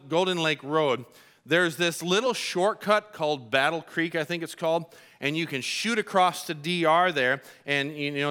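A man's voice: a little high, bright, forceful tone, clear, resonant tone. A man preaching a sermon in church, conversational and humorous, acting out little quotes. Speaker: pastor.

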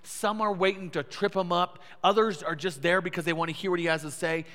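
Animated preacher with a high voice. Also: male voice, a little fast. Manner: animated, acts out listeners' voices with big pitch swings. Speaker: pastor. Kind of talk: sermon. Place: church sanctuary. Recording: reverberant church hall.

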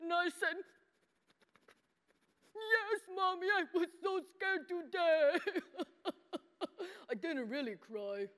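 The voice is high, very animated and a little bright, an exaggerated performance with drawn-out words and long pauses. It belongs to an adult playing an earnest, simple boy puppet in a children's sermon, speaking broken childlike grammar and calling himself by name. Long church-hall reverb surrounds the earnest, childish delivery.

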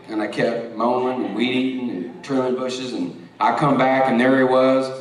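A middle-aged man preaching a sermon, rambling through stories and then rising into forceful preaching. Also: mid-range voice, moderate pace. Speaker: pastor. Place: church sanctuary. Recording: echoey church hall from far off.

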